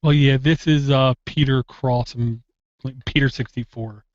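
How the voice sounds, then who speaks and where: A man's voice: mid-range voice, steady tone, a little slow, no room sound. A man hosting a tech podcast, chatty and wry, drifting off on tangents in casual talk. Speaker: podcast host. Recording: dull lo-fi dry podcast audio.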